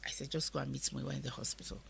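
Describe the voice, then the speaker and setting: A woman's voice: extremely low pitch, steady tone, racing, vocal fry, slight background noise. A middle-aged woman with a Nigerian accent, recounting a personal story as an interview guest and acting out what others said. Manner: vivid retelling that acts out others' words.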